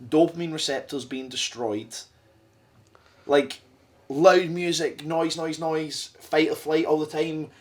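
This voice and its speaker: A young Scottish man hosting a podcast, talking in a rambling, animated way. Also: fairly high pitch, takes it slowly, recorded from a distance. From Scotland. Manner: animated, rambling, mimics voices. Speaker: podcast host. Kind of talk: casual podcast conversation.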